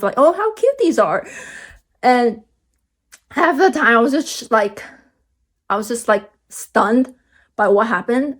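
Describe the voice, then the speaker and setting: A young woman telling a long storytime vlog, rambling with many "like"s and restarts, and getting animated at the exciting parts. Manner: animated, jumps high when excited. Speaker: vlogger.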